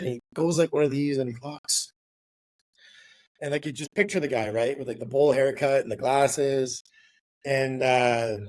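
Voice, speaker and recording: A middle-aged man tells a work story in an easy, rambling way, leaning on fillers and a habitual "right?", with the odd curse word. His voice sits at an ordinary middle pitch. The recording is dry and close, with no room sound around him. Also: a little mellow, dry recording. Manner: rambling, filler-heavy, swears, ends with "right?". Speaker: real estate agent guest. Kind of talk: casual storytelling interview.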